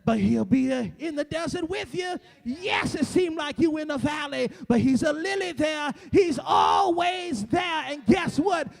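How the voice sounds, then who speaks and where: A man preaching a sermon, building to a shouted, chanting cadence with repeated call-and-response lines. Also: extremely high pitch, gravelly.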